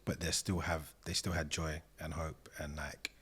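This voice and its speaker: A man sharing memories in a group conversation, soft-spoken and hesitant. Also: extremely low pitch, little pitch movement, normal speed, slightly rough.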